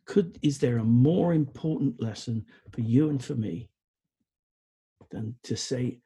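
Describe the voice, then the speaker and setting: A man preaching a sermon, earnest and sometimes stumbling over his words, dropping into quiet reflection. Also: mid-range voice, unhurried, breathy edge.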